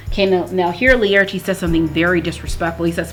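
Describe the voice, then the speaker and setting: A woman explaining a play in a casual teaching manner, reading verse slowly and then paraphrasing it plainly. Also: lowish voice, fairly even intonation. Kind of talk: explanatory read-through of a play. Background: soft background music.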